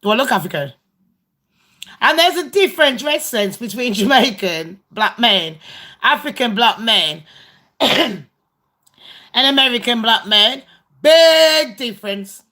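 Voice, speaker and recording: British female host, chatty livestream, blunt, sweary, rambling delivery with a bright, sharp tone. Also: a little high, expressive, slow, pauses often. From Britain. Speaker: channel host. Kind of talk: casual livestream chat with viewers.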